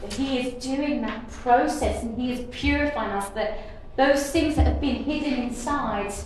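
Speaking a little slowly in a high-pitched voice, a woman preacher gives an earnest, declarative devotional message. She often repeats herself and restarts phrases. The recording has heavy echo and faint noise.

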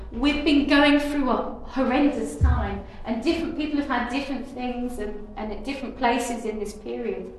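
A woman giving an earnest, declarative devotional message, often repeating and restarting her phrases. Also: on the high side. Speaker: preacher. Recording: very echoey room with faint noise.

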